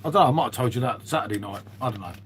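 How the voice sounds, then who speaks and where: Rambling bloke chatting to viewers. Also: male voice, medium pitch, lively intonation, rapid-fire, a little hiss or hum. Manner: rambling, calls everyone "mate". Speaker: livestream host. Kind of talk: casual chat with live viewers.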